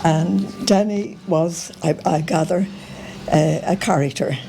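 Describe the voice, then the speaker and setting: An older Irish woman telling family stories to the camera in a relaxed, meandering way, often pausing with "uh" and "um". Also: lowish voice, rough recording. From Ireland. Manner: meandering, full of uh and um. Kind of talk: casual storytelling to camera.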